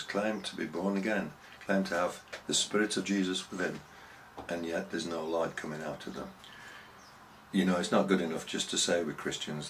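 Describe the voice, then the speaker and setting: Deep-voiced preacher. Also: male voice, fairly bright tone, slight background noise, low-quality recording. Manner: earnest storytelling with rhetorical questions. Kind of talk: sermon.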